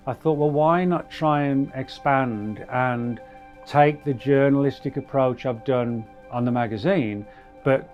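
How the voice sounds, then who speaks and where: A man's voice: medium pitch, darkish tone. A man talks modestly and a little hesitantly about his start as a researcher. The audio is dull and muffled, with faint music underneath. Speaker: researcher interviewee. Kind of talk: casual interview talk.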